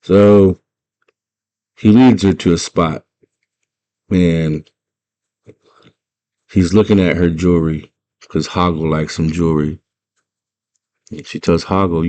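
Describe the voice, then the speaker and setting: A man's voice: low voice, steady tone, slow, pauses often, mellow. A man casually retelling a movie plot, rambling and slangy with lots of fillers. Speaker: movie fan.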